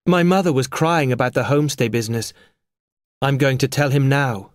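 A man's voice: mid-range voice, moderate pace, no room sound, studio quality, natural voice. A man voicing an earnest, worried island boy in an audiobook story.

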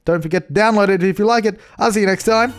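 Man, casual game build commentary, slightly high voice, rambling, self-correcting, jokey. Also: quick pace, faint music behind. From Australia. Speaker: YouTuber narrating a game build.

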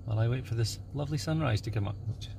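A man with a gravelly, creaky voice talks through his photography in a relaxed, chatty way, with plenty of "um"s and "uh"s. He is outdoors on a breezy airfield at dawn, and faint ambient noise sits under his voice. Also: medium pitch, very fast. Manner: relaxed, chatty, with many fillers. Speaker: landscape photographer. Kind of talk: casual instructional vlog.

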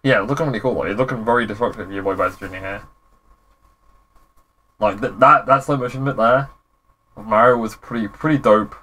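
Husky low-voiced young man. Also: brisk, long pauses. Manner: rambling, relaxed, slangy reactions. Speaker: gaming YouTuber. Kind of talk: casual commentary.

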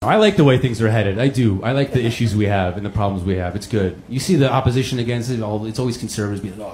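A man's voice: fairly low pitch, fast talker, few pauses. A man from the United States, doing a profane, mocking stand-up comedy set in a comedy club. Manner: profane, animated, mocking delivery. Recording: crowd laughter, noisy club. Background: audience laughter.

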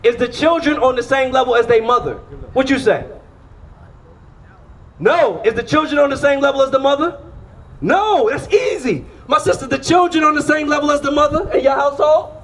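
A man's voice: very high voice, normal speed, fairly bright tone. A man preaching outdoors on a street, firing rhetorical questions at the crowd and pulling them into call-and-response.

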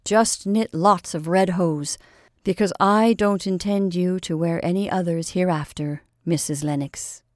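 A woman's voice: lowish voice, measured pace, darkish tone, dry recording, natural voice. A proud young soldier teases his sweetheart with playful bravado, as a woman reads him aloud. His talk is boastful and earnest at once, in a storybook reading with a dry, close sound. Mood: proud, teasing. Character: young male soldier lover, proud and teasing.

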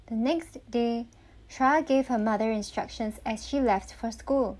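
Slow, clear woman reading to children. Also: on the high side, darkish tone. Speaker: volunteer storybook reader. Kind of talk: read-aloud picture book narration.

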